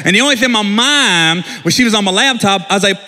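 A man performing a stand-up comedy set, telling a story in an animated way and yelling his punchlines loud. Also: high-pitched, fast, big-room sound, faint music behind.

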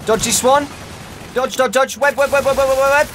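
A young man giving excitable let's-play commentary, shouting and laughing as he plays, over game music. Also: very high-pitched, brisk. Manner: excitable, loud exclamations, giggly, talks to viewers as "boys". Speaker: gaming YouTuber.

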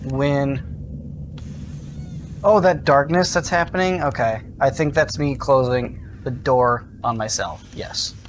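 A man's voice: mid-range voice, slow pace, a little hiss or hum. A young adult man streaming a horror game, chatting casually to viewers and breaking into jumpy, swearing outbursts. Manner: jumpy, swearing outbursts and rambling asides to chat. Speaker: gaming streamer. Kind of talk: casual livestream commentary.

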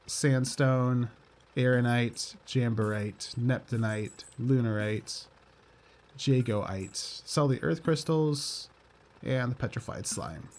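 A man's voice: medium pitch, slow pace, a little mellow. A man casually commenting on his gameplay, upbeat and chatty with dry sarcastic asides. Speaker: let's play host.

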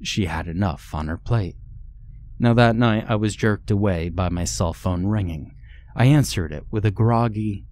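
A man narrating a first-person horror story in a steady, measured way. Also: sits low, a little hiss or hum.

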